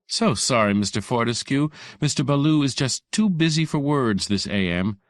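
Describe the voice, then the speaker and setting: In an audiobook, a man performs the part of a tough, wisecracking female receptionist, sounding sarcastic and mock-sweet. His medium-pitched voice is animated and pushed up only slightly from his everyday register, at a moderate pace. The recording is dry, with a clean studio sound.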